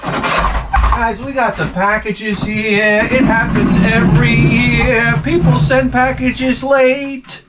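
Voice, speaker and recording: A middle-aged man with a very high-pitched voice speaks slowly and flatly over heavy background noise. He hosts a crude comedy vlog, opening packages and rambling profanely, slipping into mock voices to tell stories and land jokes.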